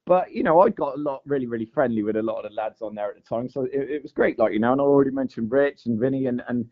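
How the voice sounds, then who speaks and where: A man's voice: medium pitch, rapid-fire. A man tells his story in a loose, rambling way, peppering it with "mate" and "like". His voice sits in a middle register, and the recording sounds dull and lo-fi. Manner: rambling, full of "mate" and "like" fillers. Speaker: guest angler. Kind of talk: casual storytelling interview. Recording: dull lo-fi audio.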